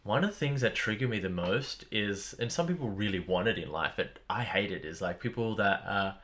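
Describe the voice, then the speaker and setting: Blunt, animated man in casual chat. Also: lowish voice, brisk. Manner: animated storyteller, blunt, swears. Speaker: podcast co-host.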